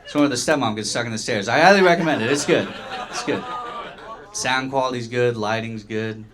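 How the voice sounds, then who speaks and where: A man doing a stand-up comedy set in a small bar, deadpan storytelling with sudden jumps into high voices for the characters he quotes. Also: a little fast. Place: small dive bar with a live audience. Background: crowd laughter.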